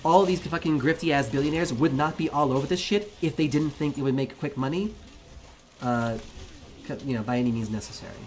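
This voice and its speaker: A man's voice: fairly high pitch, fairly quick, a little mellow. Livestreamer, man, heated and profane, argues with chat. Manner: frustrated arguing with chat. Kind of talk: casual chat.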